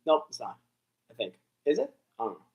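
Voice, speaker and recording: A young vlogger reacts live to an awards show, rambling casually to himself and his viewers and throwing in "bro" and "dude." His mid-range voice swoops wildly in pitch, and he talks briskly.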